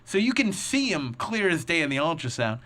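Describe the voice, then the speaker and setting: A man's voice: a little high, very animated, brisk, a bit bright. A young man telling a story on a podcast, acting out the people in it with lots of laughter. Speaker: stand-up comedian guest.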